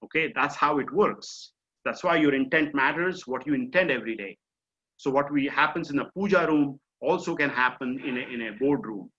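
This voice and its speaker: Bright-voiced Indian man coaching on a video call. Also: mid-range voice, moderate pace, breathy edge. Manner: conversational, explanatory, frequent fillers. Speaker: mindfulness coach. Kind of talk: online course session. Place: home or office on a video call. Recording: dull lo-fi video call audio.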